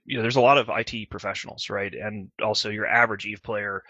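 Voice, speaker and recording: Brief: man, host of a casual fireside chat, cursing, bright edge, dry close sound, lower voice. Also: steady tone, fast, no room sound, highs cut off. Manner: profane, rambling, fired up. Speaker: alliance leader hosting a fireside chat.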